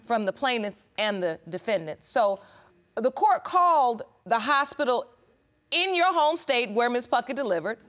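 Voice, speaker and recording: A woman's voice: on the high side, big pitch swings, moderate pace, fairly bright tone. A woman presiding as judge on a courtroom show, questioning witnesses firmly and pressing for direct answers. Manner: firm, probing, repeats questions to press for answers. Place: television courtroom set.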